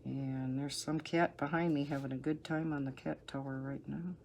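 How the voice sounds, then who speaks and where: A middle-aged woman with a low, soothing voice, chatting casually and rambling with soft laughs while she colors. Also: steady tone, normal speed, gravelly, slight background noise. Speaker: coloring channel host.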